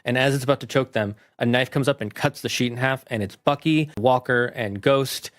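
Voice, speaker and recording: A man reviewing a movie, casually retelling its plot in a rambling, animated way. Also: mid-range voice, brisk.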